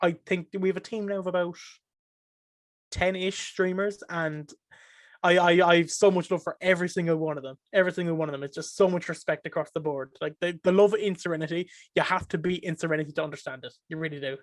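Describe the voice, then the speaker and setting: An excitable young Irish man with a high voice talks as a guest on a casual podcast. He gets emotional and animated as he speaks. The sound is dry and close-miked. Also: fast, no echo. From Ireland. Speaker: podcast guest, streamer and caster.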